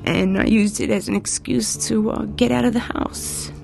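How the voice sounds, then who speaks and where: A woman recording personal messages to her young son, speaking tenderly and haltingly with pauses and restarts. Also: mid-range voice, fairly even intonation, vocal fry, darkish tone, faint music behind. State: crying.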